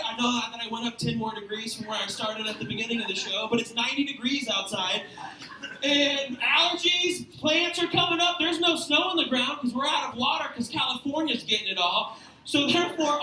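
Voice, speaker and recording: A man in his thirties hosts a stand-up night in a bar, rowdy and crude, laughing at his own bits. His voice sits very high and sounds very bright and sharp. It comes across an echoey room, picked up from some distance. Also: slight background noise. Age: 30s. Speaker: comedy show host. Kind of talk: stand-up comedy. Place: bar or beer hall stage before a live audience.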